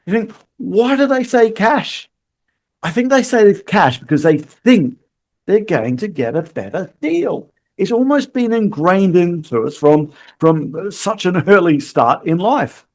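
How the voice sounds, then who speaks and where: A man's voice: a little high, darkish tone. A man hosting a podcast and coaching salespeople, acting out short customer and salesperson lines as he goes. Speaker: sales trainer and podcast host. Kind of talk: podcast monologue.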